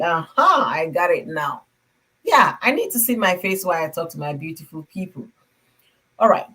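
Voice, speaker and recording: A woman's voice: fairly low pitch, fairly bright tone. A woman with a Nigerian accent hosting a casual livestream from home, chatting with viewers and greeting them by name. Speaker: livestream host.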